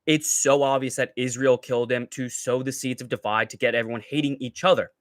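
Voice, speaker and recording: A man's voice: mid-range voice, fairly even intonation, brisk, dry recording, clean studio sound. A young man hosting a livestream, ranting with heated, profane, mocking commentary. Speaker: livestream host.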